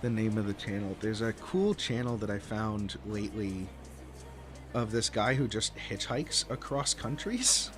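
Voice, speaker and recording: A man's voice: lowish voice, a little slow, fairly bright tone. A young man chatting casually on an online call, rambling with fillers and swearing casually. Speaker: racing driver. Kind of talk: casual chat.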